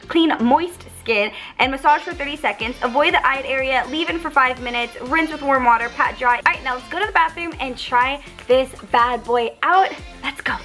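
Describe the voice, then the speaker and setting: A bright, high-pitched young woman from the United States, bubbly and chatty as she reviews a beauty product on her vlog. Soft music plays faintly underneath. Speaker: beauty vlogger.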